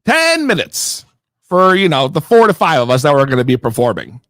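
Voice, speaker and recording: Heated, profane young man with a high voice. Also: normal speed, no echo. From Connecticut. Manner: profane, heated, animated storytelling; slangy and rambling with restarts. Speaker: podcast regular telling a story. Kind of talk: casual storytelling.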